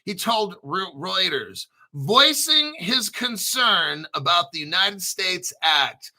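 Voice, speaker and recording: A foul-mouthed male crypto host rambles through a news article, boasting and cracking crude jokes between sentences. His voice sits high for a man and sounds sharply bright and forceful, with a cutting edge to every word. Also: sing-song, takes it slowly. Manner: crude, profane, boastful, jokey asides. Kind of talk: rambling live commentary reading a news article.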